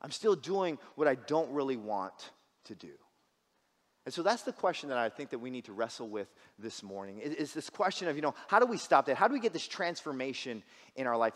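Lively, joking male pastor preaching. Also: on the high side, fast talker, in a large hall. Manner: casual and joking, with many restarts. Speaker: pastor, guest speaker. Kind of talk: sermon. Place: church sanctuary.

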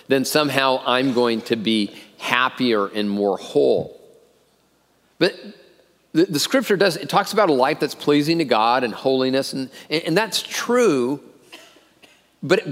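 A middle-aged man preaching a sermon as pastor, earnest and often repeating words as he starts a phrase. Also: mid-range voice. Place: church auditorium. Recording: long reverb of a church hall.

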